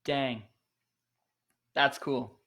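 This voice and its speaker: A young man hosts a worship livestream with casual chat, speaking extremely slowly at a medium pitch. He's excitable, thinks out loud, and uses lots of fillers.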